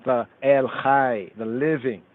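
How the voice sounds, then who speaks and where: A man's voice: mid-range voice, steady tone, takes it slowly. A man hosting a radio scripture study, reciting verses in Amharic and Hebrew and explaining them word by word. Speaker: radio show host teaching scripture. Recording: phone-line call-in radio sound.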